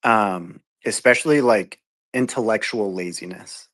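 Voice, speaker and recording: Laid-back low-voiced man, laughing easily. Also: measured pace, fairly bright tone. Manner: laid-back, laughs often, many likes. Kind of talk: casual chat on a live audio space.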